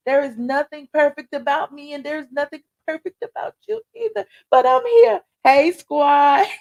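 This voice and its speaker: Woman host, casual live-stream chatter, sassy and animated, slightly higher pitch. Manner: sassy and chatty, calls viewers honey and child; animated, swings from loud to low asides.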